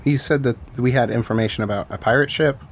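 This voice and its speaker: A man's voice: mid-range voice, fast talker, slight background noise. A man playing in a tabletop game, chatting casually and teasing the others. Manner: laughing, teasing. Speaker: player.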